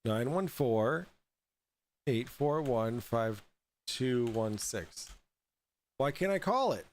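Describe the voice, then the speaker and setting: A man hosting a casual livestream, drunk and high, rambling and halting over fillers as he talks. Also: animated. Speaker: host.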